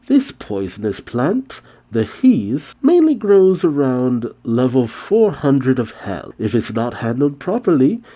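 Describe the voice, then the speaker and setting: A man doing a measured demon-school professor. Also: mid-range voice, big pitch swings, dull audio. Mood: instructive.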